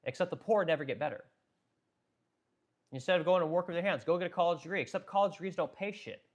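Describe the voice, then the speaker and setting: A man's voice: high-pitched, fast talker. A middle-aged man hosts a livestream and rants with heat, swearing freely. He circles back to the same points and trips over his own words as he works himself up. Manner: fired-up, swearing, repeats himself, frequent stumbles. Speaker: business owner and livestream host. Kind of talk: heated political rant on a livestream.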